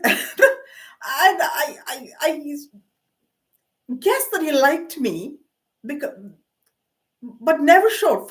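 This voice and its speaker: A middle-aged woman telling rambling, self-mocking personal stories with many fillers and asides. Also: high-pitched. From Canada. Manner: meandering, self-mocking, with frequent fillers and laughs. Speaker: vlogger.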